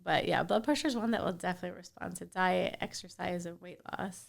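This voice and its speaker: A woman's voice: on the low side, quick pace, creaky. A woman cardiologist talking frankly in a podcast interview, often quoting her patients. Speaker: cardiologist guest. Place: South Florida.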